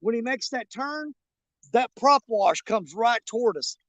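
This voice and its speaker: Speaking from a riverside spot, this man hosts his fishing channel in a casual live-stream chat, joking with viewers in a rambling, folksy way full of fillers. His voice is extremely high and fairly bright, with lively intonation and a slightly slow delivery, and there's no echo.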